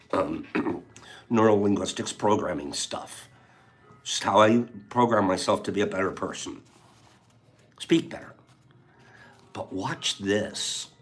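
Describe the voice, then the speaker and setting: A man hosting a reflective spiritual talk, reading passages from a book aloud and mixing in his own animated remarks and soft asides. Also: fairly low pitch. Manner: animated, swinging between loud emphasis and soft asides. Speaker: podcast host.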